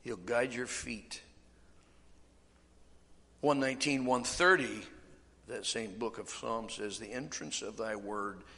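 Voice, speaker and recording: A man preaching a sermon, swinging from shouting to hushed, near-whispered urging. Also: medium pitch, slow, pauses often. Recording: reverberant hall, faint room noise.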